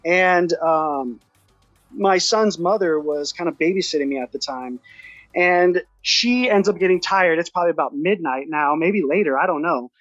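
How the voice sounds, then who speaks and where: A high-pitched man tells a personal story with earnest feeling, often rushing and restarting his sentences. The sound is dry and a bit dull and lo-fi, with faint music underneath. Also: fairly bright tone, no echo. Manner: earnest, heartfelt, rushed with restarts. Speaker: podcast guest.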